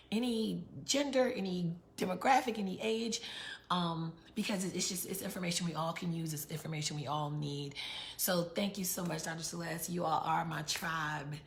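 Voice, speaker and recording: A woman's voice: lowish voice, normal speed. A middle-aged woman from New York, hosting a live book launch, chatting casually and reading out viewer comments. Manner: chatty, repeats words, reads out viewer comments.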